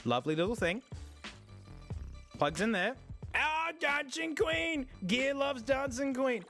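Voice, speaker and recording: A man hosting a tech channel, chatting casually and joking with quick bursts of laughter. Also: extremely high pitch, lively intonation, fairly bright tone, soft background music. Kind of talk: casual chat.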